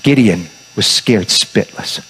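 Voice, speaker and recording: A man's voice: on the low side, expressive, slow, a bit bright, slightly rough, poor audio. A man preaching, retelling a story in a conversational way, with frequent restarts and repeated words. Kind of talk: sermon storytelling.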